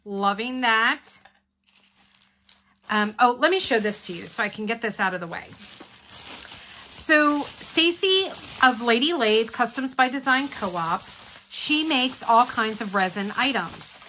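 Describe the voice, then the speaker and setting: A woman's voice: a little high, expressive, unhurried, bright, forceful tone, slight background noise. A woman hosting a casual unboxing vlog, gushing and chatty as she talks to her viewers. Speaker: craft channel host.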